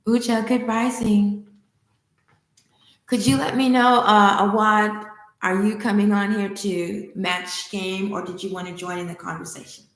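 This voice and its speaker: A woman hosting a spiritual livestream, teaching and telling a myth with enthusiastic, animated delivery. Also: mid-range voice, measured pace. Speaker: spiritual study host. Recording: echoey room.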